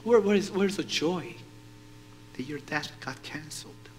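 High, lively-voiced male pastor. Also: a little slow, a little hiss or hum, rough recording. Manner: animated, rhetorical questions to the congregation. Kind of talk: sermon.

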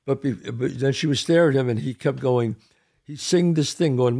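A man hosting a casual chat show, telling stories in an animated way. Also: medium pitch, normal speed, gravelly. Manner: animated storyteller. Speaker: host.

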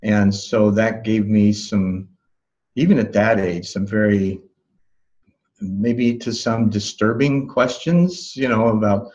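A man being interviewed as a life coach, recounting a memory in a calm, thoughtful way with soft laughs and restarts. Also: fairly low pitch, slow pace, lo-fi sound. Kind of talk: reflective interview storytelling.

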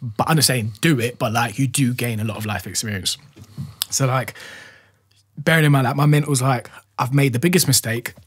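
Husky London man telling a story. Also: medium pitch, a little fast. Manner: animated, laughing, slang-heavy, says "bro" often. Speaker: podcast guest. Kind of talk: casual storytelling.

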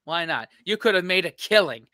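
A man's voice: sits high, animated, brisk, bright, forceful tone, dry recording. An American man co-hosting a reaction video, chatty and agreeable. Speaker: reaction channel co-host. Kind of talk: casual reaction chat.

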